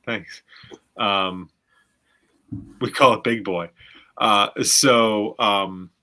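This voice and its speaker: A man's voice: fairly low pitch, drawn-out words, pushed and bright. A man co-hosting a casual podcast chat with a dry, joking manner. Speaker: podcast co-host.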